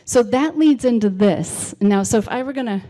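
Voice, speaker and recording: A woman's voice: fairly high pitch, expressive, moderate pace, dark tone. A middle-aged woman giving a conversational presentation on reading, often checking in with "right?". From United States. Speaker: literacy presenter. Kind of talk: presentation to a civic audience.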